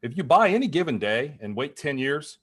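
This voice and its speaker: Male market strategist on a video call, rapid and energetic, casual with restarts. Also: a little high, slightly rough. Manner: energetic, talks fast with frequent restarts and acted-out quotes. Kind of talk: animated conversational explanation.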